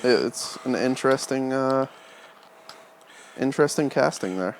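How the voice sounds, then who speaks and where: A man co-hosting a casual gaming stream, chatting in a relaxed way and laughing often. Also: mid-range voice, unhurried, creaky. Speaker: co-host.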